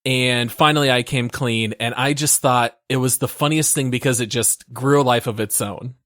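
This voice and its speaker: A man's voice: medium pitch, steady tone, moderate pace, a bit bright, no room sound, clean studio sound. Amused man prompting his co-host. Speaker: podcast co-host. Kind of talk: casual chat.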